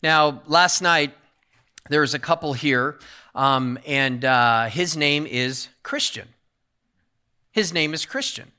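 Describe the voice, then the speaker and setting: A man's voice: a little high, expressive, slow, pushed and bright, smooth. A middle-aged male pastor preaching a sermon, earnest and repeating key phrases for emphasis.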